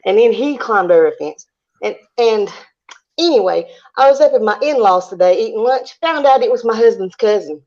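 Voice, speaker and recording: Animated woman telling a story. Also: a little high, moderate pace. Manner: animated storyteller, laughs often, acts out what she said. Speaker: panelist. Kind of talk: casual storytelling on a live call-in stream. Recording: muffled stream audio.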